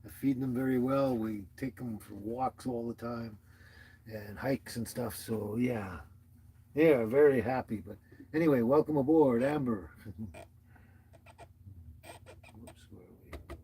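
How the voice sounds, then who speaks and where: A man's voice: medium pitch, unhurried, long pauses, mellow, breathy edge. A man hosting a casual livestream, rambling and chuckling as he greets viewers by name and talks to his dog. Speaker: livestream host.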